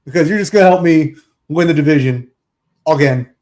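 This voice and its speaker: A man's voice: fairly high pitch, brisk, darkish tone, close to an everyday voice. A man on a football podcast putting on a bossy, taunting voice to call out a player. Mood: mocking. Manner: taunting, hollering address. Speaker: co-host.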